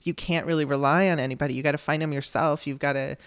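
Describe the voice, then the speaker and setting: Speaking fast in a steady, low-sitting voice with no echo, a woman hosts her podcast. She tells a personal story in a frank, chatty way, performing the lines of the people she quotes.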